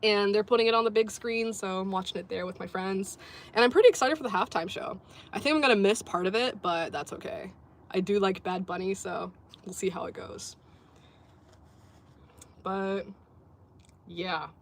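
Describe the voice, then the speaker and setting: A woman's voice: medium pitch, normal speed, pauses often, a little hiss or hum. A woman hosting a casual livestream from a sports bar, chatting easily, laughing often and reading out viewer comments. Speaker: livestream host.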